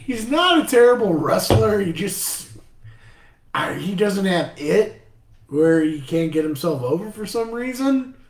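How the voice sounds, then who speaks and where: A man's voice: high-pitched, very animated, measured pace. A man co-hosting a wrestling podcast, speaking casually with emphatic swearing. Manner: profane, emphatic. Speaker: podcast co-host. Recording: echoey room.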